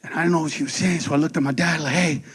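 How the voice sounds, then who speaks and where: A man from the United States doing a stand-up comedy routine, telling loud, profane stories that swing between shouting and hushed asides. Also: a little high, steady tone, very fast, background noise. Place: stage before a live audience.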